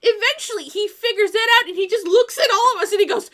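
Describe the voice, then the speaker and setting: A woman's voice: very high voice, lively intonation, normal speed, bright, forceful tone. A young Canadian woman telling a story on a livestream, laughing, swearing and acting out what people said. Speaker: co-host.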